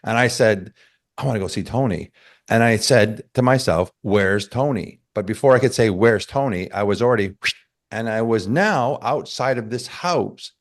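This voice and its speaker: A man telling a personal story in a casual chat, animated and acting out the quotes. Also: on the low side, moderate pace.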